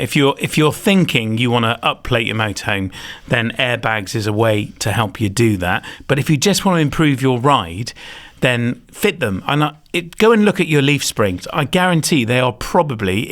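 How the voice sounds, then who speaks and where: A man's voice: medium pitch, fairly bright tone. A man hosting a podcast, chatting enthusiastically and giving advice with plenty of fillers. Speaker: podcast host. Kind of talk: casual chat, giving advice.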